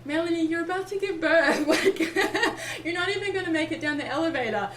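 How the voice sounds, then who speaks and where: A woman voicing a teasing, blunt female midwife in an amused high voice, recorded in a roomy space from a distance with noise behind. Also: brisk, fairly bright tone.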